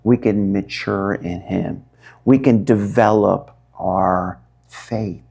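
A male pastor preaching a sermon, stretching out words for dramatic emphasis and swinging between quiet and loud. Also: steady tone, vocal fry, husky. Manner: dramatic, drawn-out emphasis with wide swings in pitch and loudness.

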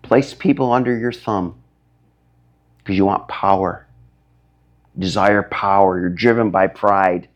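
A man preaching a sermon, emphatic, his voice rising high when he gets stirred up. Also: slow, long pauses, lo-fi sound. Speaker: pastor.

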